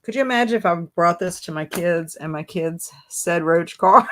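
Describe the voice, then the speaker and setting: A woman's voice: fairly low pitch, moderate pace, slight background noise. A woman hosting a casual live stream, reading chat comments aloud and breaking into laughing fits. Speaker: livestream host.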